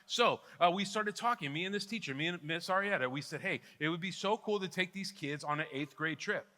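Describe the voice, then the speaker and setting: A man's voice: a little high, bright, forceful tone, big-room sound. A middle-aged man preaching a sermon as pastor, telling a story with emphatic repetitions. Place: church sanctuary.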